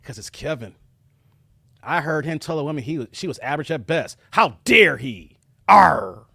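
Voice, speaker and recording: Man, from Chicago, commentary host, high-pitched, close dry sound, mocking. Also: a little fast, no room sound. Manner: animated, mocking, talks straight to viewers. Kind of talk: reaction commentary livestream.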